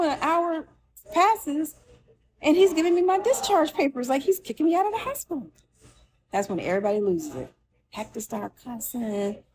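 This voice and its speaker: A woman telling a true personal story with emotion, acting out the voices of the people in it, with restarts and asides. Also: a little high. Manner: animated, acts out quoted voices, with restarts.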